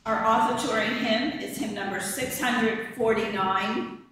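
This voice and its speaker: A preacher giving a calm, measured reflective sermon at morning prayer in a church sanctuary. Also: medium pitch, slight background noise. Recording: echoey church heard from a distance.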